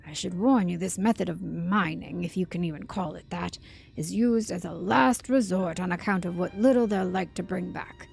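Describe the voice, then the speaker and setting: A woman reading fantasy game dialogue aloud for the characters, using a put-on high English accent and a measured, formal delivery. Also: creaky, a little mellow, husky, faint music behind, heavily acted. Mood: earnest.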